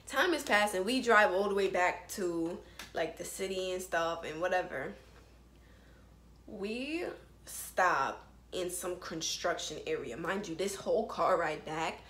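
A young woman vlogger telling a personal story to the camera in a casual, animated way, full of slang and fillers like "like" and "bro". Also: fairly low pitch, unhurried. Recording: echoey room.

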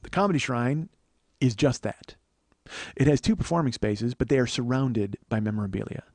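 A man in his forties hosting a comedy podcast, telling stories in an animated, profane, ranting way. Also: medium pitch, moderate pace, dry recording. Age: 40s. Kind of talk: comic storytelling monologue.

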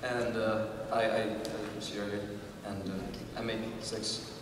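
A man's voice: lowish voice, slow pace. A young man on a convention panel, joking around as a fan voice actor in casual talk. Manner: joking, animated. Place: large convention hall. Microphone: distant from the recording mic. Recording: echoey hall from far off, crowd noise.

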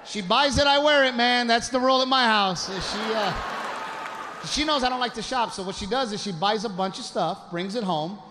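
A man with a high voice tells a crude, animated stand-up story about himself. He is recorded on a club stage through a handheld mic, with clear background noise in the room. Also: moderate pace, in a large hall, some chatter behind. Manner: animated storyteller with crude, self-mocking punchlines. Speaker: stand-up comedian. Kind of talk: stand-up routine.

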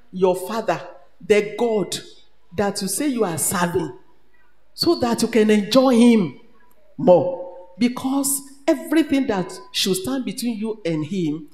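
Nigerian woman preacher, animated sermon, echoey hall, long reverb. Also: mid-range voice. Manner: animated, switches between English, Pidgin and Yoruba. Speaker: retreat speaker.

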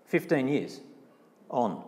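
A man preaching a sermon in a church, animated, acting out quoted voices with big swings in tone. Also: medium pitch, slow. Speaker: pastor. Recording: long church hall reverb.

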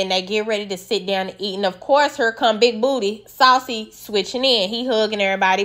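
Sassy woman recapping reality TV. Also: fairly high pitch. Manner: sassy, opinionated, animated. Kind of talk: casual recap commentary.

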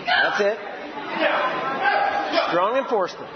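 A man's voice: high voice, sing-song, slow pace, a loud crowd. A man teaching a live seminar, walking the audience through a method step by step and checking in with "right?". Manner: instructive, demonstrating step by step with frequent "right?" checks. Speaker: ministry teacher. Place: large hall before a live audience. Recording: echoey hall, dull lo-fi sound.

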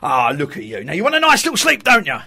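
A man's voice: fairly high pitch, wildly swooping pitch, fast talker, vocal fry, sharp tone, husky, heavily acted. A man playing Sid, a shifty, scheming older man in a radio comedy, stammering and evasive as he talks. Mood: coaxing. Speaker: sitcom character. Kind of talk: amateur radio comedy acting.

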